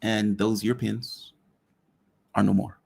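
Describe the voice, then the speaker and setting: Gravelly blunt male show host. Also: on the low side, flat delivery, darkish tone. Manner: blunt, joking, quick asides. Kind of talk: casual political talk.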